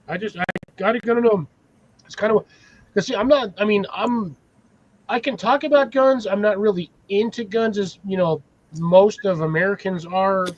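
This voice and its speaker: Man, high voice, rambling casual chat, swears a lot, muffled lo-fi sound. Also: normal speed. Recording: dull lo-fi mic.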